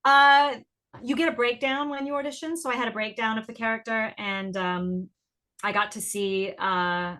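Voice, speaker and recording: English actress, accent drifting toward american, chatty and laughing a lot, bright crisp voice. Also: female voice, a little high, fairly even intonation, normal speed. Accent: mixed British and American. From England. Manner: bubbly, laughs often, chatty. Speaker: actress guest. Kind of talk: casual interview answers.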